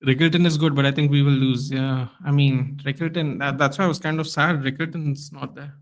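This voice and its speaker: A man hosting a live football watchalong stream, chatting casually and reacting loudly to the play with lots of slang. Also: fairly high pitch, fairly even intonation, a little fast.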